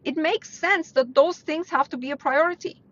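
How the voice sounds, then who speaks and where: A woman's voice: high voice, moderate pace, fairly bright tone. A woman hosting a live mindset talk, speaking bluntly and earnestly to her viewers and pushing her voice up to stress a point. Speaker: host of a weekly live mindset stream. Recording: dull lo-fi livestream audio.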